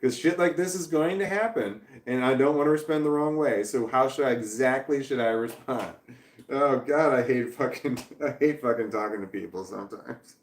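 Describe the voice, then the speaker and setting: A man's voice: medium pitch, moderate pace, roomy sound. A man on a casual livestream, ranting heatedly and swearing, with laughs between sentences. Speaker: vlogger.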